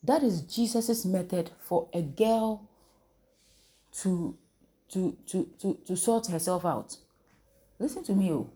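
Speaking slowly with long pauses, this woman has a mellow voice on the low side. She is a preacher teaching from the Bible, asking her listeners questions and pausing for them to respond.

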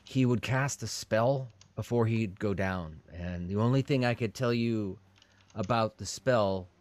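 A man voicing a nervous male villager, slow and hesitant, searching for words. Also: lowish voice, a little mellow, natural voice. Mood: uneasy.

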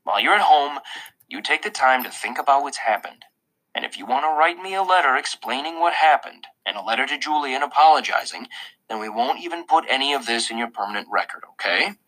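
Man reading as a gentle school principal. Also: medium pitch, animated, low-quality recording. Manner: gentle and measured, sometimes hushed. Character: calm, kindly middle-aged male school principal.

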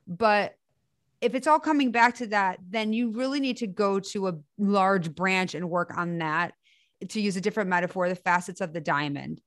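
A woman's voice: mid-range voice, no room sound, studio quality. A woman coaching in an earnest, reassuring way and speaking from her own experience. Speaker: spiritual coach. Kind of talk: conversational teaching.

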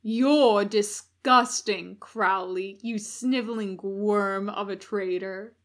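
A woman voicing a menacing male demon duke who speaks slowly and loudly, sneering with cold cruelty, in an audiobook reading. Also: mid-range voice. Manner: slow, loud, hissing through teeth.

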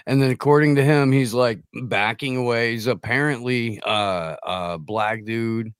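A man guesting on a podcast, chatting casually with a deadpan, hesitant delivery. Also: mid-range voice, a little slow, clean tone, dry recording, studio quality. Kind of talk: casual comedic chat.

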